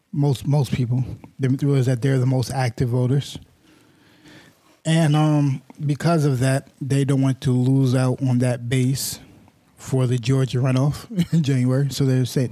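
Man with a mellow, dry-sounding voice. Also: mid-range voice, dry recording. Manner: rambling, restarts sentences while explaining, laughs at his own points. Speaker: podcast co-host. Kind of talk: casual chat.

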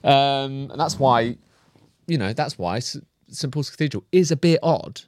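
A man co-hosting a podcast in relaxed casual chat, easygoing and a little hesitant. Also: medium pitch, a little slow. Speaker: podcast co-host.

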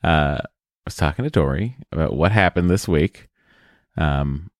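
A man's voice: low-pitched, no echo, studio quality. A man co-hosting a podcast, chatting casually and joking, rambling with fillers. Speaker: podcast co-host. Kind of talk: casual chat.

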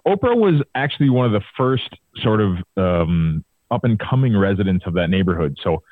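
A man from the Chicago area rambles through a local story with plenty of fillers. His voice is very low and comes over a thin, phone-like line. The sound is dry and close. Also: big pitch swings, normal speed, no room sound. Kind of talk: casual chat. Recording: tinny phone-like remote line.

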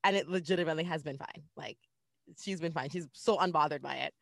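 A woman, co-hosting a podcast and telling stories in a dramatic, animated way. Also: low-pitched, fast talker, vocal fry, dry recording, clean studio sound. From Canada. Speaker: podcast co-host. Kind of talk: casual chat.

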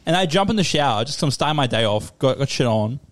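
A man's voice: medium pitch, animated, fast talker. A man co-hosting a podcast, telling a crude story with lots of swearing and laughter. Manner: swears a lot, laughs while telling stories. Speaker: podcast co-host. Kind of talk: casual podcast chat.

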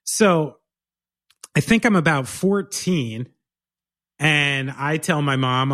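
A man co-hosting a podcast, chatting casually and telling stories in an animated, joking way. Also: a little high, slow pace. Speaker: podcast co-host. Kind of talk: casual chat.

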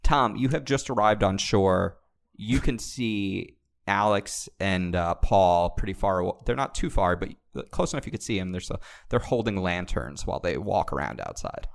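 A young man narrating a tabletop game as game master, quick and animated. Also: low-pitched, gravelly.

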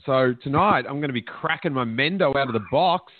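A man's voice: mid-range voice, lively intonation, brisk, no echo. A man hosting a podcast, telling rambling stories in a jokey, chatty way. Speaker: podcast host. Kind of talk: casual chat. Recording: dry, phone-like narrow sound.

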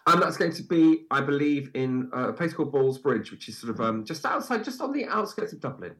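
A man chatting as a podcast guest, telling stories in a lively, chatty way with frequent fillers. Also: a little high, brisk. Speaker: guest, food festival presenter. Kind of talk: casual interview chat.

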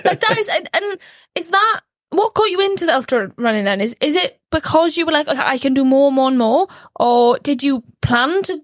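A woman's voice: high-pitched, expressive, fairly quick, no echo. A woman co-hosting a podcast in a studio, chatty and jokey, laughing a lot. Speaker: podcast co-host. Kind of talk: casual chat.

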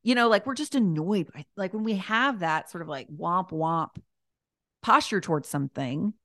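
A woman with a fairly low voice chats casually as a podcast guest, filling her talk with "like" and "you know". She is gentle and encouraging and often restarts her sentences. The sound is close and dry, with no room echo. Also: animated, normal speed. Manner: chatty and self-correcting, full of "like" and "you know". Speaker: podcast guest giving life advice.

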